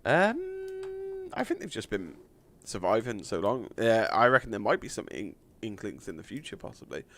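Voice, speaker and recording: A man chatting on a live game stream, thanking donors with lots of fillers, a little hoarse from losing his voice. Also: medium pitch, wildly swooping pitch, moderate pace, a bit bright, slight background noise.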